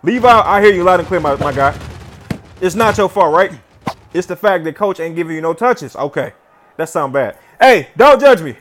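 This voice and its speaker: A man commentating his own football video game play, chatty and slangy, swinging from loud yelling to low muttering. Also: expressive, moderate pace, a little hiss or hum. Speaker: gamer.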